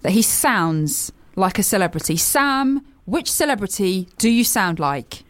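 Woman co-host, teasing radio banter, very expressive pitch. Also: no room sound. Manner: playful, teasing, quick asides.

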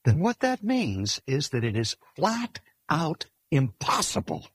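An older man delivering a sermon in an earnest way, slowing down and lifting his voice on key points. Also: huge pitch swings, breathy edge, no echo, studio quality. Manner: earnest, slows for emphasis, pitch rising on key points. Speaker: preacher. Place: speaking in a hospital setting.

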